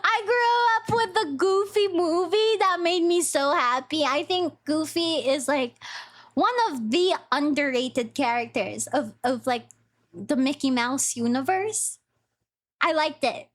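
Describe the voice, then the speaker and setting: A woman's voice: high-pitched, measured pace, a bit bright. A young woman streamer chatting casually on a live stream, bubbly and rambling, laughing easily. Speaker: VTuber streamer.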